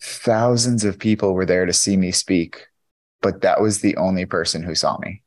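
A man's voice: sits low, steady tone, moderate pace. A man, a podcast guest and keynote speaker, candidly telling his personal story in an interview, earnest and full of "you know".

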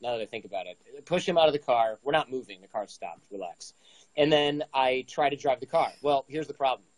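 A man's voice: mid-range voice, no echo, poor audio. A man in his forties casually telling a story, acting out the dialogue with energy. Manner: animated, acts out dialogue. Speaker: guest storyteller.

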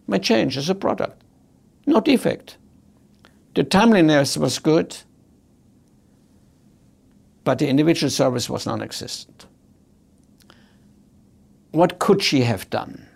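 Gravelly man telling a service story. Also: fairly high pitch, unhurried, long pauses. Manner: animated, acts out dialogue, repeats key words. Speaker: speaker on customer service. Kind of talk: storytelling talk.

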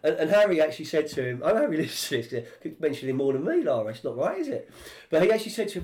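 A fast-talking English man hosting a podcast, rambling through animated stories. His voice sits a little high and he talks quickly. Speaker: podcast host. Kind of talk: casual chat.

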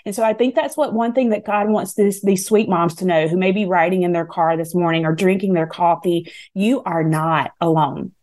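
A woman's voice: fairly low pitch, brisk, hardly any pauses, darkish tone. A middle-aged woman with a Southern US accent, speaking as a guest in a faith talk interview in an earnest, encouraging, preacherly way. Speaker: guest author.

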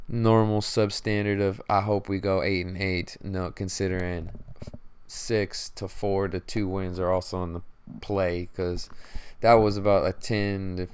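A man's voice: sits low, level tone, unhurried, clean tone. A young man hosting a podcast, talking casually and ranting about sports, swearing constantly and calling people "man". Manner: profane, frustrated rambling with frequent "man". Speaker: podcast host.

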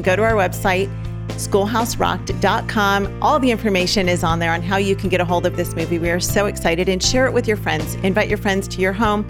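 A woman hosting a talk show, wrapping up with an upbeat, encouraging sign-off. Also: medium pitch. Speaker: podcast host. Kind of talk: casual interview hosting.

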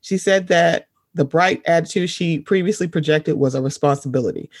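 Higher-pitched man reading an article aloud. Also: moderate pace, no echo, studio quality. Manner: emphatic, breaks off to laugh and comment. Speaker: commentator.

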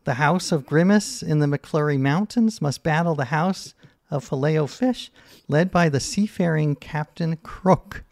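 Man, quiz host, high voice, gravelly texture, teasing, dry close sound. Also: unhurried, darkish tone, no room sound. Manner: teasing, jokey, reads clues aloud. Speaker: puzzle podcast host. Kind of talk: playful quiz hosting.

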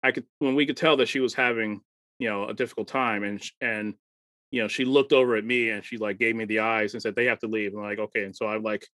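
A man's voice: on the low side, a bit bright, no echo. A man co-hosting a casual chat as a comedy show producer, rambling, laughing often and acting out quoted exchanges.

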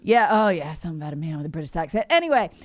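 A woman's voice: deep voice, big pitch swings, rapid-fire, no room sound. A woman co-hosting a radio talk show, chatting playfully and reading listener texts aloud. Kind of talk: casual radio chat.

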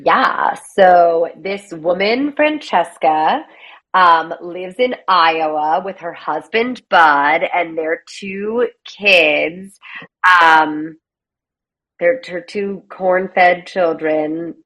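A woman guest talks in a relaxed, conversational way. Her voice sits a touch low, and she is animated and chatty, tossing in quick mimicked lines as she retells a story. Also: rough recording. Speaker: guest, playwright and actor. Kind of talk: casual conversational interview.

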